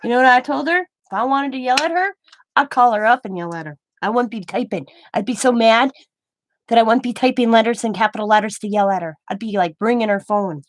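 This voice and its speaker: A woman's voice: on the high side, fairly quick, no room sound. A middle-aged woman hosting a crafting livestream, chatting in a rambling, self-deprecating way while she works. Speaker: craft channel host.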